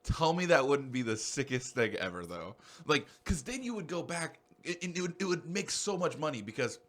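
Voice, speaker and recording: A young man co-hosting a podcast in casual chat, rambling excitably and swearing freely. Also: fairly high pitch, fairly quick. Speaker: podcast co-host.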